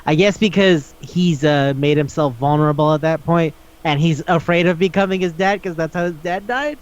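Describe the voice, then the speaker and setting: A fairly high-voiced man chatting on a podcast, animated and profane, slipping into the voices of the characters he describes. The recording is dull and lo-fi. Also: moderate pace. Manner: animated, acts out characters' lines, swears often. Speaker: podcast co-host. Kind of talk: casual chat recapping a manga.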